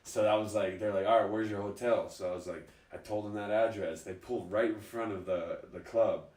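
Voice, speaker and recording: Casting: relaxed man, lowish voice, spinning yarns as a guest, recorded at a distance in a roomy space. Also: brisk. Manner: laid-back, chuckling storyteller. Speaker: guest, fighter. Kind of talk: casual storytelling interview. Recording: echoey room, distant mic.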